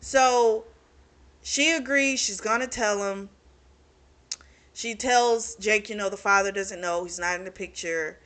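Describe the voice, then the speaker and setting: Woman, book reviewer, casual plot recap, chatty, laughs a lot, filler-heavy, mid pitch. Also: fairly even intonation, a bit bright. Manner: chatty, laughs often, many "you know" and "like" fillers; acts out characters' lines in quick asides.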